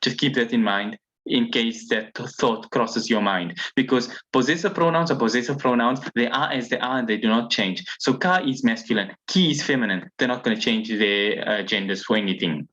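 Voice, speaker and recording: Male teacher, mid-pitched, patient and repetitive in his explanations; lo-fi class recording. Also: a bit bright. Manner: patient, repeats and spells out each word slowly. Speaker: Arabic teacher.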